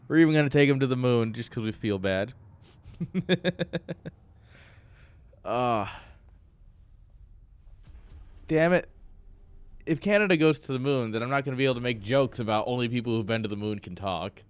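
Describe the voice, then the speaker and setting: A man's voice: mid-range voice, moderate pace, pauses often, clear, resonant tone, no echo. A man casting a game stream, chatting casually and teasing with lots of laughs. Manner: joking, teasing, laughs often. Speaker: esports caster.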